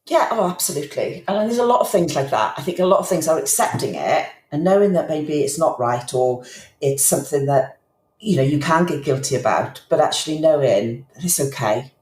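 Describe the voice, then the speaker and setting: A middle-aged woman, a guest on a podcast, shares personal stories candidly and reflectively, often restarting her sentences. Her low, darkish voice is animated, emotional, and a little fast. The recording carries a roomy echo.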